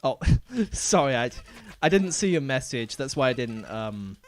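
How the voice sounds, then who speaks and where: A man's voice: mid-range voice, sing-song, a little slow. A man streaming a game live, chatting casually and rambling, laughing often as he talks. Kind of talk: casual live gameplay commentary.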